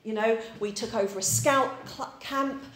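A woman's voice: fairly high pitch, moderate pace, a little hiss or hum. A woman in her forties from Yorkshire, preaching a chatty, story-filled sermon and quizzing her congregation. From Yorkshire, England. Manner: chatty, anecdotal, asks the congregation questions. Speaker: pastor. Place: church. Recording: echoey church room.

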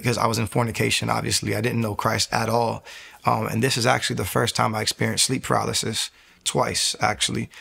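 Gravelly low-voiced man giving testimony. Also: a bit bright. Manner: earnest, candid confessional. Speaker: guest sharing a faith testimony. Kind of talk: personal testimony storytelling.

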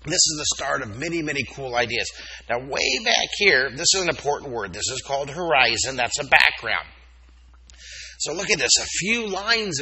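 Animated man teaching kids to draw. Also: medium pitch, lo-fi sound. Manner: animated and playful, coaxing kids to repeat words. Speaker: drawing teacher. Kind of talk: live school assembly drawing lesson. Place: school hall with children.

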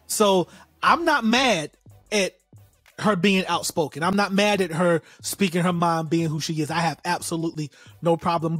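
A woman's voice: medium pitch, no room sound. A woman co-hosting a casual podcast chat, blunt and sassy, driving her points home with emphatic repetition. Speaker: podcast co-host.

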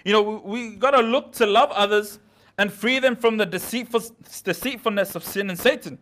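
Chatty high-voiced male preacher. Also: brisk, a bit bright. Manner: casual, chatty preaching with slang and asides. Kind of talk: midweek sermon. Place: church.

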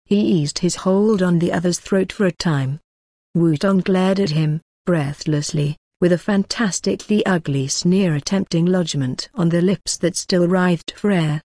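This is scripted audiobook narration by a woman with a lowish voice, read in a steady, measured way. The studio recording is clean and dry.

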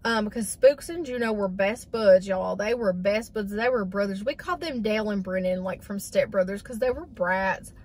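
A woman in her forties with a drawl, speaking to her viewers in a loose, rambling way. Her voice is mid-pitched and she sounds grieving, often stopping to say "y'all." It has the feel of a casual, unscripted vlog. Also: moderate pace, few pauses, a little mellow. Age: 40s. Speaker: vlogger. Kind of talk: casual chat.

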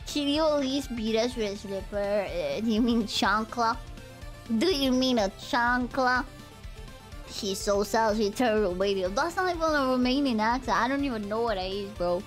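A young woman live streaming, chatting casually and profanely with her viewers, joking and swinging between squeals and low mutters. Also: moderate pace, music in the background.

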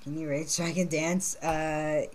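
A woman's voice: deep voice, flat delivery, a little slow, slight background noise. A woman giving casual gameplay commentary, laid-back, laughing often and swearing casually. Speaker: gaming channel host.

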